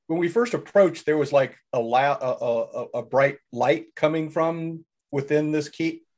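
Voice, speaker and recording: A man's voice: on the high side, measured pace, a little mellow. A man playing in a tabletop game, chatting casually and often stopping and restarting mid-thought. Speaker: player.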